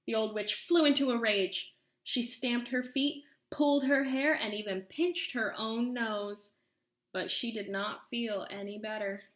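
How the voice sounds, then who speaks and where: Storybook reader, female, a touch high, expressive read-aloud, roomy echo. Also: a little slow. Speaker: storyteller reading a children's book.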